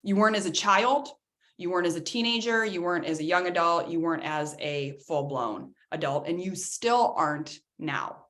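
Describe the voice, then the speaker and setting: A woman wellness coach giving an energetic, emphatic workshop talk, speaking directly to her audience and calling them guys. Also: on the low side, normal speed.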